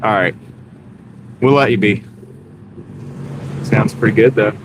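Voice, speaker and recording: A man's voice: on the low side, takes it slowly. A man from North Carolina chatting casually to his livestream viewers while driving, laid-back and full of "dude". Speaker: delivery driver and livestreamer. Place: inside a moving car. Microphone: wireless clip-on mic. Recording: car road noise behind.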